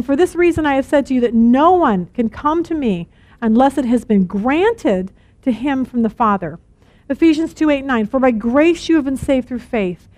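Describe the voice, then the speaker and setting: A middle-aged woman teaching a Bible study, earnest and animated, telling stories and acting out quotes. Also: high voice, no echo.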